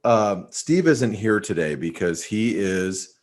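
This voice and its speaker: A low-pitched man talks through the markets in a loose, rambling way, often restarting his sentences and filling gaps with "um" and "you know". He sounds like he is on a video call mic. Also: expressive, slow. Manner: rambling, many restarts and fillers. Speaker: market analyst host. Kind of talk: casual webinar chat.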